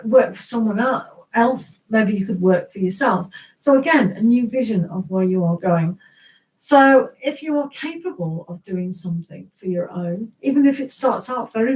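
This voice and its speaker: Chatty English woman with a higher voice. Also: darkish tone, far from the mic, rough recording. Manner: chatty and rambling, greets viewers, laughs often, many restarts. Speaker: tarot reader hosting a live stream. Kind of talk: casual live-stream reading.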